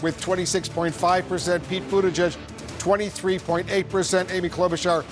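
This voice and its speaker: A man's voice: high voice, flat delivery, moderate pace, over music. A man anchoring live breaking election news in a TV news studio, reading out results with urgency. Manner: urgent, reads numbers crisply.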